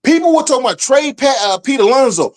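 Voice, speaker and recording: High-voiced ranting man. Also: very animated, quick pace. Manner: ranting, exasperated, swears then apologizes. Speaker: podcast co-host. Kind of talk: heated sports debate.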